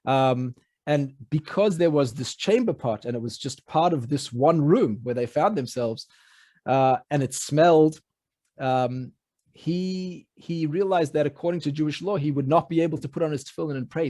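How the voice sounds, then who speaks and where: High-voiced man telling a folk tale. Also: moderate pace, darkish tone, dry recording. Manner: conversational, many fillers and restarts. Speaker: rabbi. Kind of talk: oral storytelling.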